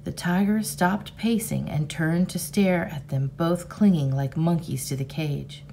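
A teacher reading a novel aloud to her class in a measured, expressive storybook manner. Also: fairly low pitch, slight background noise.

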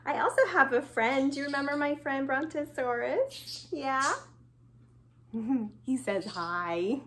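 A young woman teaching small children in a slow, sing-song, playful way, with exaggerated hellos. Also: fairly high pitch, animated, fairly bright tone, slight background noise. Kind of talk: children's video lesson.

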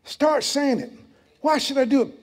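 A man's voice: extremely high pitch, moderate pace. A man, preaching as pastor in a church, emphatic and full of rhetorical questions. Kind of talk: sermon.

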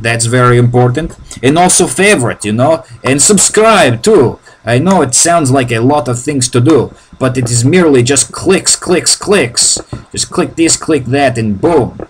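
A man's voice: mid-range voice, slight background noise. A man with a Russian accent giving casual video game commentary, joking as he goes, with broken, hesitant phrasing. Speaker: gameplay commentator.

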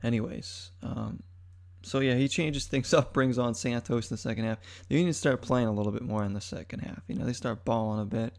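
A young adult man hosting a podcast, giving an excited, rambling match recap full of fillers. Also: medium pitch, fairly quick, creaky. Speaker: podcast host. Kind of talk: casual sports talk monologue.

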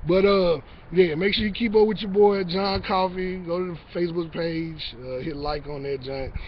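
Brash battle-rapper vlogger, a man with a high voice, cocky and profane, on a dull lo-fi recording. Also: steady tone, moderate pace, a little hiss or hum. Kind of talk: casual trash-talk monologue to camera. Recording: dull lo-fi sound.

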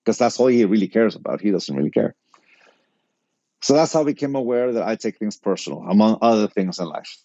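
A middle-aged man tells a personal story with a mellow, dark-toned voice and acts out each line of dialogue. The sound is close and dry, a little dull and lo-fi. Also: on the low side, a little fast, no echo. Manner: animated anecdote-telling, quotes people in dialogue. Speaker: podcast guest.

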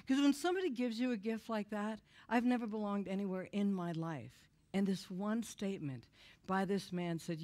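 A woman's voice: medium pitch, moderate pace, a little mellow. A middle-aged woman giving a confessional testimony in a church, telling her story with emotion and laughter. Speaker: guest speaker. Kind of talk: testimony sermon.

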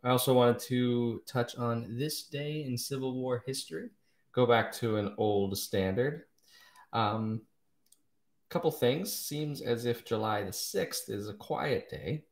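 This man hosts a live poetry show and chats casually between readings on a live stream, tossing in wry asides and correcting himself. His medium-pitched voice is gravelly and unhurried, and the room is echoey.

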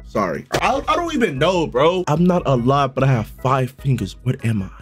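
A young man streaming a casual live reaction, talking loud and profane and breaking into sudden shouts. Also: medium pitch, big pitch swings, normal speed, slightly rough, faint music behind. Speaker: streamer reacting to a riddle video.

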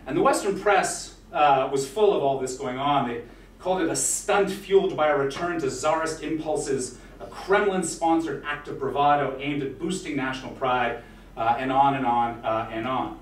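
A man's voice: medium pitch, normal speed. Man lecturing from afar in an echoey hall. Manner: conversational, frequent "uh" fillers, wry asides. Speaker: history lecturer. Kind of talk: university lecture. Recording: echoey hall, mic far off, faint hiss.

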